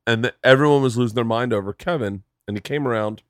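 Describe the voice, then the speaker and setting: A podcast host tells stories in a casual, joking chat, animated and swearing freely as he acts out voices. His voice is medium-pitched and he talks fast, captured in a dry, studio-quality recording.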